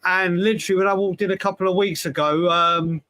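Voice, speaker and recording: A man's voice: sits high, fairly even intonation, a little fast, pushed and bright, no room sound. A man in his forties, co-hosting a podcast and trading casual banter, self-mocking about the teasing he gets. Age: 40s. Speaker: podcast co-host.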